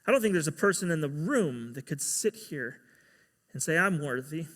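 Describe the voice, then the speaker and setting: A man's voice: fairly high pitch, animated, normal speed, fairly bright tone, big-room sound. A man giving a sermon as pastor, telling a story and acting out the quoted dialogue.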